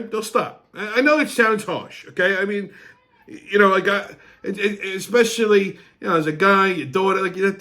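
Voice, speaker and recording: A man's voice: high voice, pushed and bright. A man hosting a comedy show, delivering a crude, brash rant full of swearing and mock outrage. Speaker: show host.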